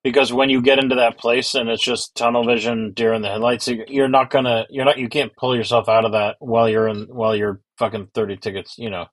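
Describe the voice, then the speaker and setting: A man's voice: medium pitch, level tone, a little fast, few pauses, poor audio. A man hosting a casual interview, chiming in with short agreement and casual swearing. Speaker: podcast host. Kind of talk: casual chat.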